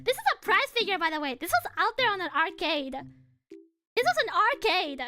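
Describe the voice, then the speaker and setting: Young woman VTuber, high and bright, lively swoops, giggly and casual with a few swears. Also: moderate pace, soft background music. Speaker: VTuber streamer. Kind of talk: casual livestream chat over travel photos.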